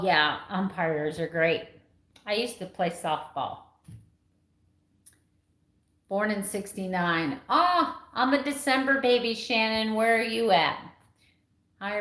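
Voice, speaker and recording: Female vlogger, 50s, lively sarcastic chatter, slightly high pitch, roomy echo. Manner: animated, sarcastic, laughs often. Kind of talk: casual live-stream chat.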